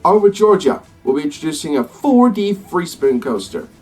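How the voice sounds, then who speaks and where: Man doing a stately American ride-announcement voice, promotional, slightly raised pitch, faint background music. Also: sing-song, moderate pace, darkish tone, breathy edge. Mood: announcing. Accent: put-on American. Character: slow grand male theme-park announcer. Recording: slightly distant mic, faint music behind.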